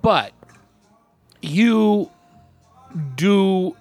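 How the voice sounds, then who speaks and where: A man's voice: high voice, extremely slow, darkish tone, no room sound, soft background music. A man hosting an interview podcast, asking his guest open, friendly questions. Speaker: podcast host. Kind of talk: casual interview chat. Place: comedy club showroom.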